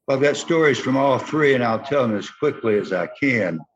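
An older man with a Southern accent, a former football player telling folksy, animated stories in an interview. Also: medium pitch, moderate pace, slight background noise. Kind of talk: storytelling interview. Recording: dull lo-fi sound.

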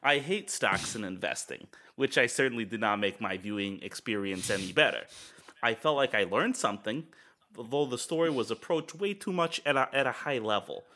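A man's voice: medium pitch, sharp tone. A man co-hosting a podcast, reading out user reviews in a playful, joking way and laughing often. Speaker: podcast co-host. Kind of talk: casual banter, reading user reviews aloud.

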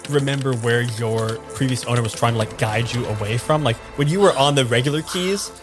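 A man's voice: mid-range voice, a little fast, over music. Casual, rambling game master man. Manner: casual, rambling with many fillers. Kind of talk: narrating a tabletop game.

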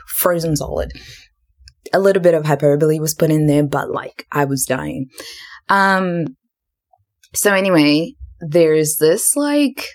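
A young woman hosting her own podcast, telling a story in a chatty, dramatic way full of fillers. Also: low-pitched. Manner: chatty, filler-heavy, self-described dramatic. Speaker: podcast host. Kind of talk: casual storytelling.

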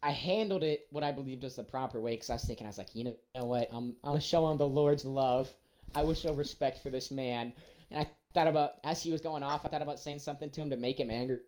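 A young man, casually telling a story and acting out every quote with big jumps in his voice. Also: fast talker. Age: young adult. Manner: animated, acts out quotes with big pitch jumps.

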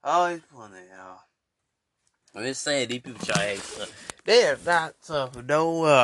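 A man's voice: mid-range voice, expressive, normal speed, a bit bright. A man ranting casually to his viewers, mocking people and laughing often, repeating himself. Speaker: vlogger. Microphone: desk mic.

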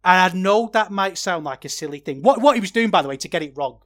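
A man, a wrestling podcaster, talking through a match review in a casual, chatty way that gets animated when he rants. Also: high voice, quick pace.

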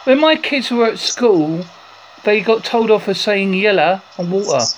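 A woman's voice: a little high, animated, highs cut off. Reassuring English woman interviewer. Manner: reassuring, halting, repeats words. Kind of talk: casual interview chat. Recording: noisy background.

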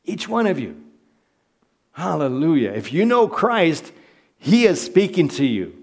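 A middle-aged man preaching a sermon, earnest and repeating phrases for emphasis. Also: on the high side.

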